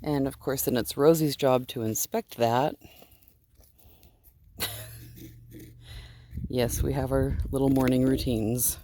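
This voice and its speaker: A woman sheep farmer with a husky morning voice, just up and chatting casually into a handheld phone outdoors at her barn, wandering off topic as she goes. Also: rumbling low, steady tone, slow, pauses often, mellow, a little hiss or hum. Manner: chatty and digressive, easily distracted. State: just woken up, yawning. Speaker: sheep farmer and fiber seller.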